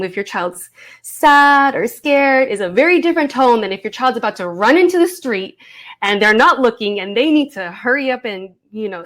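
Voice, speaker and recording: A woman in her thirties teaching an online course, speaking in a reflective way and often checking in with her listeners. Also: mid-range voice. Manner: reflective, warm teaching tone with frequent "right?" check-ins. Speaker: voice coach.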